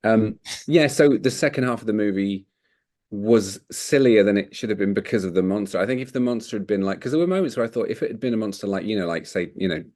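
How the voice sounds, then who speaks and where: A man's voice: lowish voice, lively intonation, fast talker, darkish tone. A man co-hosting a podcast, chatting loosely about a film, rambling and laughing often. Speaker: podcast co-host. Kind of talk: casual film discussion.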